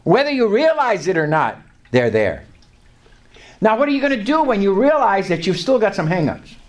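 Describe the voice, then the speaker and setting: An older speaker, giving a personal testimony to a small group in an animated storytelling way, acting out prayers and chuckling. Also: medium pitch, moderate pace. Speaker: lay preacher sharing testimony.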